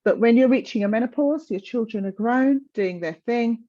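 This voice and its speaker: A woman's voice: fairly high pitch, normal speed, hardly any pauses, dark tone, dull audio. A woman in her fifties talking candidly in conversation, passionate and emphatic, often repeating words for stress. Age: 50s.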